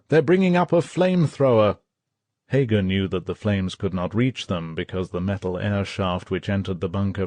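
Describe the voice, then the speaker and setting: A man reading an audiobook in steady, measured scripted narration. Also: sits low, no echo. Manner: measured, steady storytelling, voicing characters' shouts.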